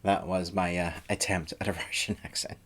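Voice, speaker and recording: A man's voice: low-pitched, little pitch movement, normal speed. A man hosting his own series review channel, talking casually and thinking aloud as he goes. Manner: chatty and conversational, thinks aloud. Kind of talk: casual spoken film review.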